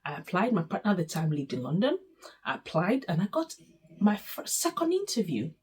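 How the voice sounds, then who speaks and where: A woman's voice: lowish voice, wildly swooping pitch, brisk, a little mellow, breathy edge. A woman in her forties from Nigeria with a Nigerian accent, telling her own life story to camera in a candid, emotional, straight-talking way. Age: 40s. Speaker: vlogger.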